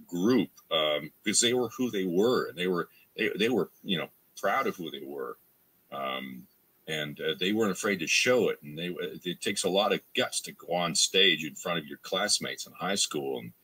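Low, bright-toned Canadian man. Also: expressive, moderate pace, slightly rough. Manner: rambling, with many restarts and fillers; acts out quoted fans in a higher voice. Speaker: voice actor guest. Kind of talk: casual interview conversation.

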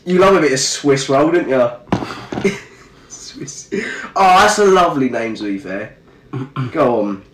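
A man's voice: medium pitch, lively intonation. A man co-hosting a casual live stream, teasing and goofing around while he is ill. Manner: goofy, teasing, quick to jump into voices. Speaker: livestream co-host. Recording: echoey room, faint background noise.

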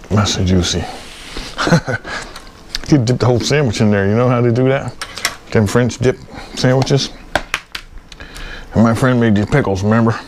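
A man's voice: medium pitch, noisy background. Playful man chatting through a cooking demo. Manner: playful, chatty, talks to viewer while eating. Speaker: home cooking vlogger.

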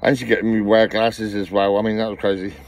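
Middle-aged man, out of breath, rapid swearing ramble, personal vlog. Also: fairly low pitch, flat delivery. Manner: rambling, swears constantly, repeats himself. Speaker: vlogger.

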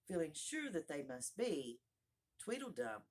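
A woman reading a storybook aloud as narrator, in a calm, even manner. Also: low voice, measured pace, husky. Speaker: audiobook reader.

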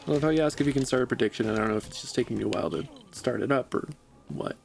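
A man's voice: medium pitch, rapid-fire, vocal fry. A man streaming a game and chatting casually, laid-back and joking at his own expense. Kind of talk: casual gaming livestream chat.

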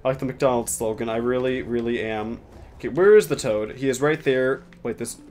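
A man's voice: medium pitch, fairly quick, a little mellow. A young man giving casual gameplay commentary as a streamer, chatty and sarcastic, swearing often and slipping into mock-dramatic asides.

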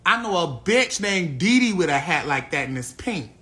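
A brash man hosting a phone livestream, swearing freely and trash-talking whoever joins. His voice swings all over the place, sharp and bright, jumping up into loud bursts. A faint noise sits under the phone audio. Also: high voice, very animated, moderate pace. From Little Rock, Arkansas, USA. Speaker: livestream host. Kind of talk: casual livestream chat.

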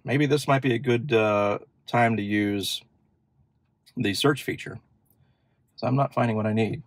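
Medium in pitch and recorded with no room sound, a man hosts a car channel from the driver's seat of his parked vehicle. He casually demonstrates features, filling his thinking-aloud with verbal fillers.

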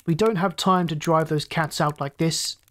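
Storyteller putting on a grim first mate, crisp, commanding, urgent, audiobook reading, middle pitch. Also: steady tone, normal speed, fairly bright tone, natural voice.

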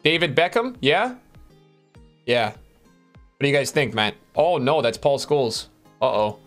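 A male streamer giving live-stream commentary to his chat, excitable and swinging between hype and letdown with plenty of fillers. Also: medium pitch, measured pace, faint music behind. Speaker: streamer opening game packs.

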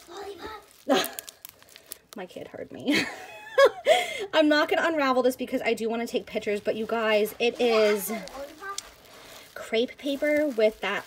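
A woman vlogger chatting excitedly to viewers as she unboxes a package of craft supplies. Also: a little high, a little hiss or hum. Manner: gushing, excitable, addresses viewers as you guys. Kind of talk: casual unboxing chat.

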